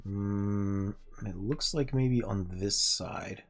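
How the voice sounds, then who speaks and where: A male streamer speaks extremely slowly over faint music while casually chatting with viewers during a gameplay livestream. He jokes and mutters to himself, dropping to a low mutter when focused on the game.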